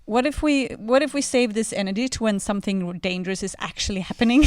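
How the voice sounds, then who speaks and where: Smooth-voiced woman on a discussion panel. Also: medium pitch, quick pace, no echo. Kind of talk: podium discussion.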